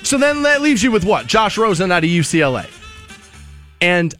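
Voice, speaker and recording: A man's voice: high voice, sing-song, normal speed, a bit bright, soft background music. A man hosting a sports talk show, making opinionated arguments and repeating his points for emphasis. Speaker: radio sports show host.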